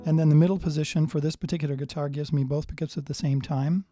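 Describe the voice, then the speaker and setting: A man's voice: a little high, fast. A man giving a live guitar lesson, chatting and thinking aloud as he tunes and plays. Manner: relaxed, thinking aloud while tuning. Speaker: guitar teacher. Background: guitar playing.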